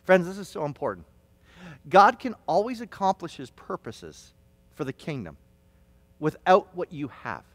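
High-voiced pastor in a reverberant hall. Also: male voice, wildly swooping pitch, a little slow, long pauses. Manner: stammering restarts, dramatic storytelling with shouted quotes. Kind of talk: sermon. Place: church hall.

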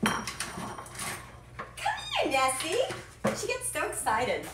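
A woman's voice: a little high, expressive, moderate pace, noisy background. A woman hosting a live cooking stream from her home kitchen, chatty, bubbly and self-deprecating. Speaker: cooking show host. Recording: echoey kitchen with faint clatter.

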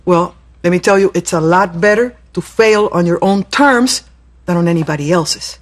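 An actress playing a caring, wry teacher who gives soothing but firm advice in a sitcom. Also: female voice, lowish voice, normal speed, lightly acted. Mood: reassuring. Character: caring, wry female teacher, middle-aged. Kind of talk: sitcom acting.

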